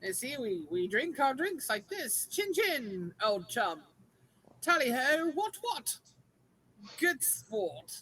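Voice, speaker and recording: A man's voice: very high voice, sing-song, takes it slowly, sharp tone, voice pushed up, full character voice, rough recording. A man voicing a snippy lobster who puts on a hammy posh British aristocrat act. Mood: pompous. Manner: hammy posh British put-on voice, "tally ho, old chum".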